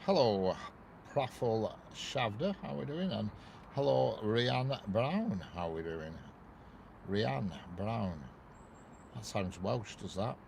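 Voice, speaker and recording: A man from the north of England with a low, gravelly voice talks to his viewers from inside a parked car. He rambles in an easy, chatty way and greets people by name. A faint hum of vehicle noise sits behind him. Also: lively intonation, unhurried, darkish tone. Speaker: railway livestreamer. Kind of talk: casual live-stream chat. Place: parked car near a railway bridge. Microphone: wireless clip-on mic inside car.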